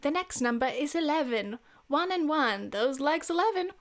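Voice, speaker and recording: A woman's voice: high-pitched, animated, moderate pace, voice pushed up. Woman putting on a sing-song British bingo caller. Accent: put-on English. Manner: sing-song rhyming number calls.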